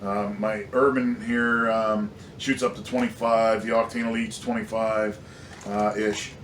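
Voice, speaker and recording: A man's voice: on the low side, level tone, measured pace, a bit bright. A man giving a casual, rambling airgun product review, emphatic and frustrated, with plenty of fillers. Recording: echoey room, slightly distant mic, faint noise.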